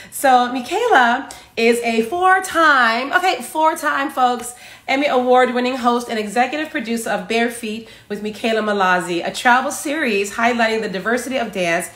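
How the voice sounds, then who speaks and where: A woman's voice: a little high, fairly bright tone, roomy sound. A middle-aged woman from Philadelphia hosting a casual livestream, effusive and greeting viewers by name. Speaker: livestream host.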